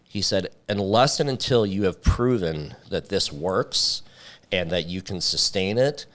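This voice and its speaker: A man with a very low voice tells his story as a company founder in a relaxed interview. He brings the story to life by acting out what each person said. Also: unhurried. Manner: lively storyteller who acts out quoted dialogue.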